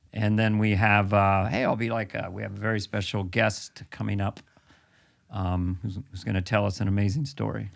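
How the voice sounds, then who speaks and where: A man's voice: fairly low pitch, creaky, a bit bright. A man hosting a podcast in casual, joking chat, laughing often. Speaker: podcast host.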